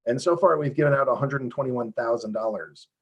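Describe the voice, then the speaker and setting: Brief: husky man on a video call, animated explainer full of restarts. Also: medium pitch, dull audio. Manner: animated, talks fast with many restarts and fillers. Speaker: game developer guest. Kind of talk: casual interview explaining a game.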